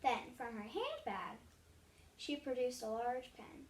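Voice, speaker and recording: A woman reading a children's story aloud in a gentle, expressive way, recorded in a roomy space. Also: a little high, slow pace, a little hiss or hum. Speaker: storybook reader. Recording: roomy echo.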